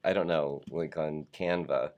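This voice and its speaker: A man's voice: very deep voice, fairly even intonation, a little slow, a little mellow, lo-fi sound. A man hosting a casual live talk show, chatting loosely and reading viewer postcards aloud.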